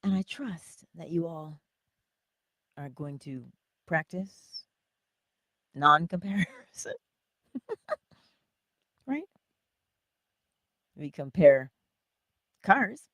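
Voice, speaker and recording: A woman hosting a livestream in a chatty, playful valley-girl manner, her low-set voice swinging widely in pitch. She talks slowly and laughs between greetings to her viewers. The sound is close and dry. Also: lively intonation, no echo. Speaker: livestream host. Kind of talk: casual livestream sign-off.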